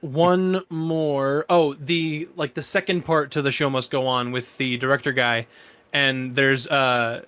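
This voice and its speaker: A man's voice: mid-range voice, flat delivery, takes it slowly, fairly bright tone, clean tone. A young man co-hosting a casual chat show, talking in a loose, rambling way and swearing casually. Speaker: podcast co-host.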